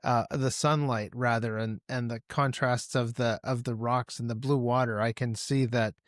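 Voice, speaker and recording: A man's voice: mid-range voice, steady tone, moderate pace, no room sound. A male podcast host speaks in a reflective, thoughtful way. His voice is a mid-range male tone. The recording is dry, with no room sound. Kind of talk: interview conversation.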